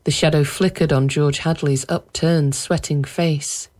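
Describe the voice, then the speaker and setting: A woman reads a story aloud with a deep, low voice. She tells it in a measured way that lingers on vivid detail. Her delivery stays steady and unhurried through long, flowing sentences. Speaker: narrator. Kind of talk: audiobook narration.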